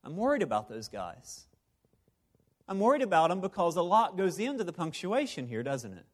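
High-voiced man preaching playfully. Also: wildly swooping pitch, normal speed. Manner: playful, repetitive, conversational preaching. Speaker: pastor. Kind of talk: sermon. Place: church service before a live congregation.

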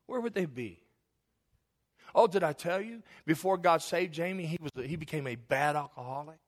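Animated preaching man, high voice. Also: fairly quick. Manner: animated, swings between loud emphasis and soft asides. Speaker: pastor. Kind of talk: sermon. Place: church.

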